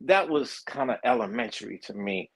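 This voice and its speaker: A man, chatting casually as co-host in an animated, profane, mocking way. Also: high-pitched, normal speed, gravelly, slightly rough, rough recording. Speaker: co-host reacting to trial footage. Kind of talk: casual chat.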